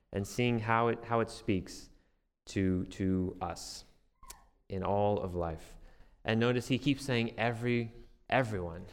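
A man's voice: fairly low pitch, in a large hall. A man preaching a sermon as a pastor, earnest and conversational, with restarts and light self-deprecating humor.

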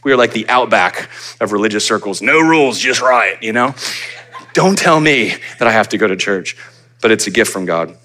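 Bright-voiced animated male pastor. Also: fairly low pitch, fairly quick. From United States. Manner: animated, conversational preaching with acted-out asides. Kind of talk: sermon.

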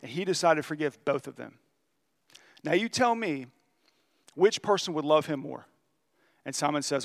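This pastor's gravelly, slightly higher-than-usual male voice carries a relaxed, conversational sermon. He sounds earnest and confessional, slowing down to lean on a story's important lines.

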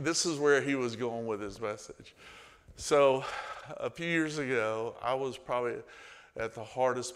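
A man preaches to his congregation in a loose, storytelling way. He swings between loud emphasis and hushed asides. His voice rings with the long reverb of a church hall. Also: mid-range voice. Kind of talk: sermon. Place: church sanctuary.

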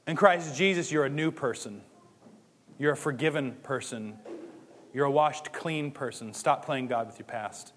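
A man's voice: fairly high pitch, a little fast, a bit bright. A man preaching a sermon in a casual, conversational way, acting out the inner voices of his listeners. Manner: conversational, rhetorical asides, acts out inner voices. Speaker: pastor. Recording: long hall reverb.

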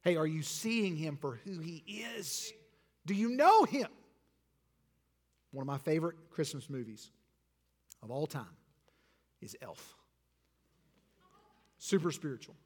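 A pastor with a somewhat high voice delivers a sermon with an altar call. He builds to emphatic peaks, then drops soft and intimate. His voice rings with the long reverb of a church sanctuary. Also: animated, unhurried, pauses often.

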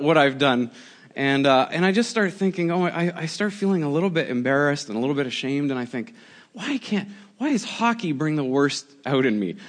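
A man in his forties, a pastor giving a conversational, animated sermon with prayer and storytelling. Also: fairly high pitch. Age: 40s.

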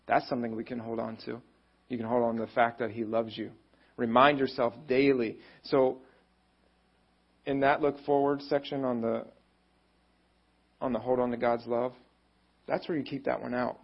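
A man's voice: mid-range voice, slightly rough, dull audio. A man pastor giving a conversational, encouraging sermon, often acting out what people think and say. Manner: conversational, encouraging, acts out quoted thoughts.

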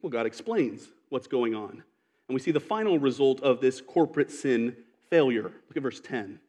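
A man's voice: medium pitch, lively intonation, moderate pace, dark tone, in a large hall. A man preaching a sermon in an earnest, emphatic way, reading scripture aloud and explaining it. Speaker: pastor.

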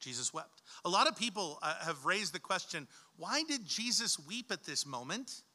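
A man's voice: high voice, animated, moderate pace, sharp tone. A young man preaching a sermon, reading scripture aloud and explaining it in an informal, conversational way, calling his listeners guys.

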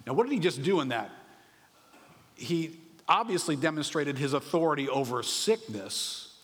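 A man preaching a sermon in an animated, conversational way, often asking the audience rhetorical questions. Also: fairly high pitch, moderate pace, big-room sound. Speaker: pastor.

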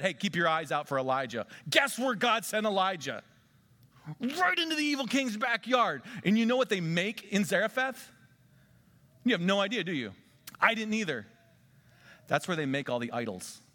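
A man preaching a sermon, animated, swinging between loud excitement and quiet intensity. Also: sits high, moderate pace. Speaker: pastor.

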